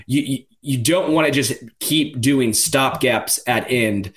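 A man's voice: medium pitch, a bit bright. Analytical man talking sports. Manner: analytical, quick, repeats words when starting. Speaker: podcast co-host. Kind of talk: casual sports podcast chat.

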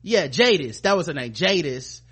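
Male podcast host, slightly high voice, loose and profane, recaps scenes by imitating the characters. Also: sing-song, normal speed, fairly bright tone, breathy edge. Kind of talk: casual chat recapping a TV episode.

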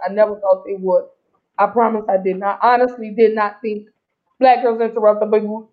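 A woman hosting a casual live podcast, emotional and effusive, often repeating herself. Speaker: podcast host. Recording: muffled low-fidelity audio.

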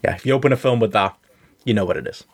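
Fast-talking man chatting on a podcast. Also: on the low side, breathy edge, no echo, studio quality. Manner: rambling, filler-heavy chatter. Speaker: podcast co-host. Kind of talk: casual chat.

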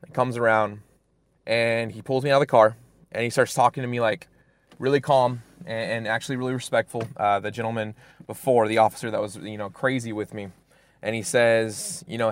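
A man's voice: medium pitch, fairly even intonation, a little fast, no room sound. A young man from Fresno, California, telling a personal story in casual talk, full of fillers and restarts. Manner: rambling, many fillers and restarts. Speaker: guest storyteller.

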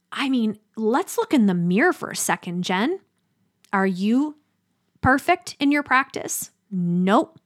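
A middle-aged woman giving a motivational talk, earnest and emphatic, slowing down for dramatic pauses. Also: fairly high pitch. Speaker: speaker.

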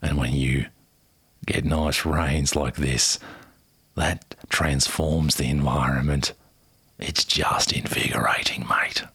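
A man's voice: steady tone, sharp tone, exaggerated voice. A man putting on a drawling outback Aussie bloke. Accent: exaggerated put-on Australian. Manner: slow dragged-out drawl, low and gravelly. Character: outback wildlife manager man, laid-back drawl.

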